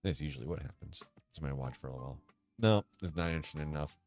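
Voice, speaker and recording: A man hosting a casual livestream chat, rambling and hesitant, with many restarts, sighs and quiet mumbles. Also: rumbling low, rapid-fire, soft background music. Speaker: livestream host.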